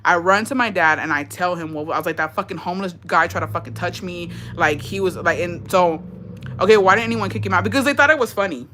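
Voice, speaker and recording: A young woman streaming live tells her viewers a story quickly in a lowish voice, with a slight hiss or hum in the audio. She's animated and foul-mouthed and slips in Spanish phrases.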